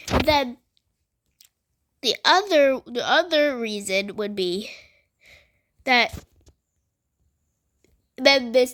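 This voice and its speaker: A woman telling a story in a casual, rambling way, full of fillers and animated retellings. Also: on the high side.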